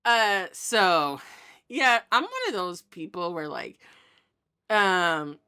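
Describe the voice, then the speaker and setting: A woman's voice: on the low side, expressive, takes it slowly, bright, forceful tone, clean tone. A woman vlogging from her home in a casual, rambling monologue with many restarts.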